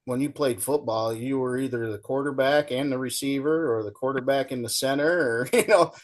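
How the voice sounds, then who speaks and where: As a guest on a show, a middle-aged man spins folksy, animated stories, performing their characters, among them a coach who shouts. His voice is mid-range and fairly quick.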